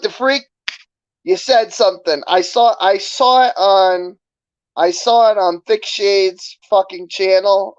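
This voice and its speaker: A man's voice: on the high side, darkish tone, no room sound, lo-fi sound. A man streaming, ranting casually to his chat in a sarcastic, profane, rambling way. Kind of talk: casual livestream rant to chat.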